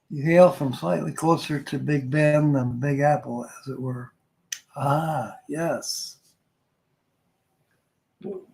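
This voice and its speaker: A man's voice: on the high side, gravelly, poor audio. An older man hosting a casual live stream, reading viewer comments aloud and joking with a frequent chuckle.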